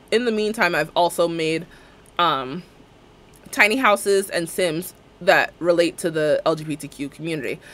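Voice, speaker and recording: A woman's voice: fairly low pitch, fairly bright tone. A woman live-streaming a game, chatting casually and rambling, laughing often as she talks. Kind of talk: casual live-stream chat while playing.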